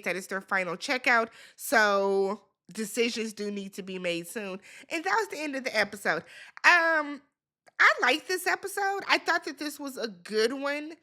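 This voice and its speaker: A woman's voice: a little high, sharp tone. A woman recapping a reality dating show in a casual, sassy way, talking back to the people on screen. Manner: chatty, with laughs and filler words.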